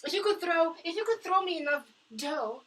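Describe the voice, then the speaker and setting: Young woman vlogger, distressed, profane, sharp high voice, mic a little far off. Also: animated, moderate pace. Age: young adult. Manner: impassioned and profane, swinging between low mutters and shouting. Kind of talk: emotional monologue to camera. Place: small apartment kitchenette.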